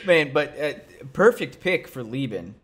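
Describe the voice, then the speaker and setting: A man co-hosting a casual sports podcast, talking in a relaxed, chatty way and laughing easily. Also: fairly high pitch, measured pace. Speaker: podcast co-host.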